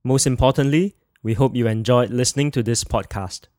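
A man hosting a podcast language lesson, modeling sounds slowly and clearly for listeners to repeat. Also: medium pitch, darkish tone, dry recording, clean studio sound. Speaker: language teacher and podcast host.

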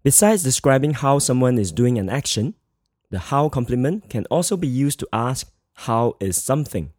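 Lively, mellow-voiced man teaching a language lesson. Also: mid-range voice, dry recording, clean studio sound. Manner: measured, slow model phrases with repeats. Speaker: Mandarin teacher. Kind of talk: scripted grammar lesson.

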